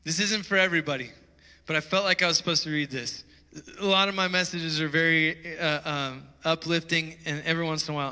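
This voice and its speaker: A pastor preaching a sermon to his church, excitable and getting loud when he is stirred up. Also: a little high, smooth. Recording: preaching in a reverberant church hall.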